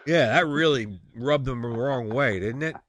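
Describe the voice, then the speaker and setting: A man's voice: mid-range voice, normal speed. A man with a New York accent hosting a Christian online radio show, chatting and joking with guests. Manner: joking, rambling, loud sign-offs. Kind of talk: casual chat.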